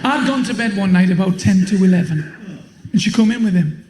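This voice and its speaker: An older man performing a blunt, swearing stand-up comedy routine with deadpan punchlines. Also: sits high, a little fast, slight background noise. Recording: live show in a long-reverb hall.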